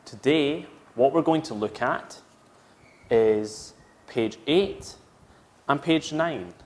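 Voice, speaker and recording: A man's voice: mid-range voice, slow. A British man teaching English vocabulary, patiently modelling words for learners to repeat. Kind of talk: slow, clear classroom instruction.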